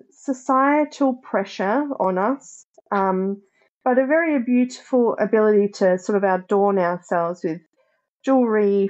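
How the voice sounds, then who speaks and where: A woman speaking as a podcast guest, reflective and thoughtful, often pausing to search for the right words. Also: medium pitch, a little mellow. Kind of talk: reflective conversational discussion. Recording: dull lo-fi sound.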